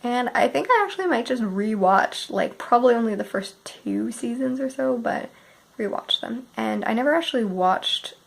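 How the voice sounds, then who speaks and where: A young woman in her early twenties from Canada, musing sleepily and softly about books while unwell, often dropping to a half-whisper. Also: a little high, animated, moderate pace, vocal fry, rough recording. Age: early 20s. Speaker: book vlogger.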